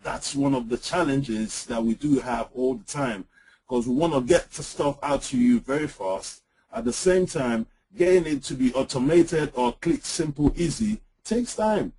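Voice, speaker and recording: A man co-presenting a webinar, speaking in a halting, casual way with lots of fillers and some teasing jokes. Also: medium pitch, lively intonation, warm tone, slightly rough, rough recording. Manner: halting, many fillers and restarts, joking.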